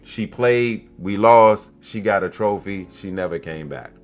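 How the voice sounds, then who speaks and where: Blunt, profane man with a low voice. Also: measured pace. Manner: blunt, profane, animated storytelling. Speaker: podcast host and youth basketball coach. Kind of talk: casual podcast monologue.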